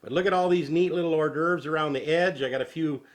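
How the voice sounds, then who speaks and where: A man's voice: fairly high pitch, quick pace. A man hosting a home cooking show, chatting in a homespun, folksy way and chuckling as he goes.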